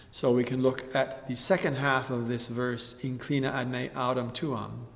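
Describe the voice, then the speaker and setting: A man teaching psalm chanting in a measured spoken tutorial, breaking off now and then to sing short demonstration phrases. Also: medium pitch, little pitch movement, gravelly. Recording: roomy space with long reverb.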